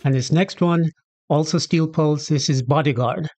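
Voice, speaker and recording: A Jamaican man with a Jamaican accent hosts a casual explanation of his native Patois, acting out snippets of dialogue in a chatty, relaxed manner. His voice is fairly high and moves at a normal speed, with music playing underneath.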